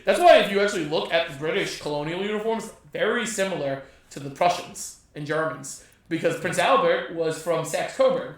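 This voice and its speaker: High-voiced young man in an echoey room. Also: fairly quick, hardly any pauses, recorded from a distance. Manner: animated, jokey. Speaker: podcast guest. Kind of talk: casual chat.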